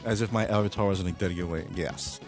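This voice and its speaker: A man's voice: sits low, quick pace, music in the background. A young man livestreaming, talking in a heated, profane rant, stumbling and restarting his sentences. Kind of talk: casual chat.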